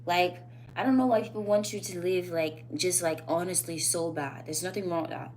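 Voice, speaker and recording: A woman talking straight to camera in a casual opinion vlog, blunt and animated, her thoughts rambling between emphatic points. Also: fairly low pitch, normal speed, a little hiss or hum. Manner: loose, rambling phrasing with fillers. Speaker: vlogger.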